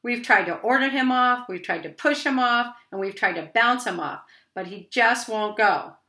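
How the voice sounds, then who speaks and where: A woman doing a squeaky, polite little mouse. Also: normal speed, sharp tone, reverberant. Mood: worried.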